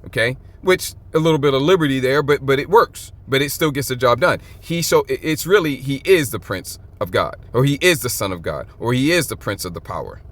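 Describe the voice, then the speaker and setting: A man teaching from the Bible in an informal, emphatic way, often checking in with "okay?" and reading verses slowly and drawn out. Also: mid-range voice, animated. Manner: reads scripture aloud slowly and stretched out.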